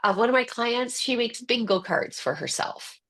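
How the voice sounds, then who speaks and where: A woman giving a conversational webinar lecture as a coach, lively and animated, acting out quoted voices. She speaks close to the mic. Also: on the high side, normal speed. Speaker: ADHD coach presenting a webinar.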